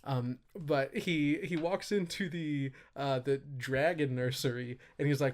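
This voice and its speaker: Relaxed male podcaster retelling game scenes. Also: medium pitch, a little slow. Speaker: podcast co-host. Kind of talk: casual gaming chat.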